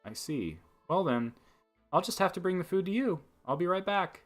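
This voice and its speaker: A man voicing an eager, friendly young girl in a game, with a lifted, bright delivery. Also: high-pitched, expressive, normal speed, soft background music, pitched above the performer's own voice. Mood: cheerful.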